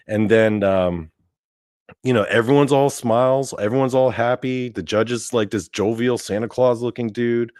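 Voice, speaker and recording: A man's voice: on the low side, fairly quick, darkish tone, dry recording, studio quality. A man hosting his own podcast, telling a first-person story in a casual, rambling way, with plenty of swearing, fillers and restarts. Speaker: podcast host.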